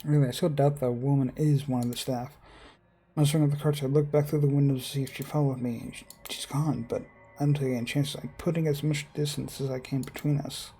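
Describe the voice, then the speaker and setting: A man narrating a horror visual novel with steady reading and small slips and asides. His voice is gravelly, dark and fairly flat in pitch. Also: a little fast, soft background music. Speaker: let's-play narrator.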